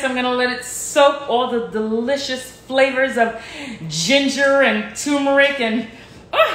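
A woman's voice: high-pitched, fairly bright tone, reverberant, a little hiss or hum. A woman chatting casually with viewers on a live stream from her home kitchen, playful and laughing often, talking into her phone. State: sore neck.

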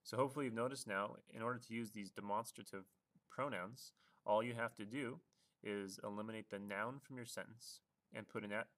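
A man's voice: lowish voice, fairly even intonation, a little fast, a bit bright. A man who teaches Spanish, explaining grammar to students in a patient, methodical way with small self-corrections.

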